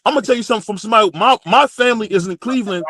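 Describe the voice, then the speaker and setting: A man's voice: sits high, racing, fairly bright tone, no room sound, clean studio sound. Emphatic man in heated debate. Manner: emphatic, repeats phrases while holding the floor. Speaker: panel guest. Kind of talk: heated sports talk debate.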